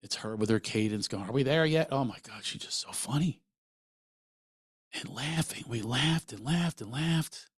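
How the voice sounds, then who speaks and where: A middle-aged man hosting a podcast, telling a personal story in an animated way and acting out what others said. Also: mid-range voice, measured pace, breathy edge, no room sound. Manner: animated, quotes people in lively voices. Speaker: podcast host.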